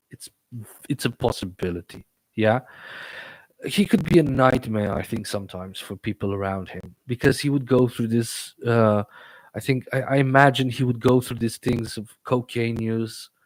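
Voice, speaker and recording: A man's voice: medium pitch, no room sound. Stammering man, faintly British-tinged English. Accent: slightly British-sounding, learned English. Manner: rambling, frequent stammered restarts. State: slightly impeded speech from a toothache. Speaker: livestream host. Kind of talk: casual live chat.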